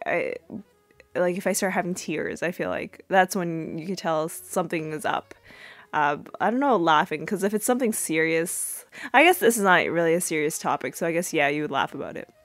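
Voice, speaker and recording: A woman's voice: lowish voice, animated, normal speed, dry recording, faint music behind. A young woman hosting a podcast who recaps a TV episode in a casual, rambling way, full of fillers and asides. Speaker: podcast host.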